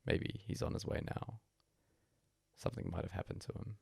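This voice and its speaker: A man reading a bedtime story aloud as a hushed, breathy first-person monologue. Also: moderate pace, no room sound, studio quality. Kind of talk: soft-spoken story reading.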